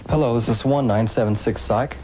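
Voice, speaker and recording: A man's voice: mid-range voice, fairly quick, heavy background noise, natural voice. A man voicing an earnest caller in an old television commercial for a phone line. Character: adult male caller praising a psychic line. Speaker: advert announcer. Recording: old TV advert with loud music. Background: loud music.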